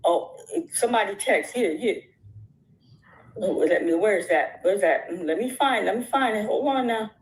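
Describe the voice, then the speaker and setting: A woman's voice: mid-range voice, expressive, moderate pace, poor audio. A woman talking in an impassioned, casual way, emphatic and rambling, repeating phrases and restarting her sentences. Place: out at dinner with supporters.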